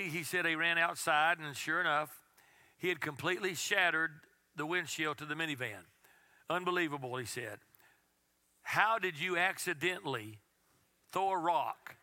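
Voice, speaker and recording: A man preaching a sermon as pastor, telling a story in a conversational way and dropping to a soft, intense tone. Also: on the high side, dry recording.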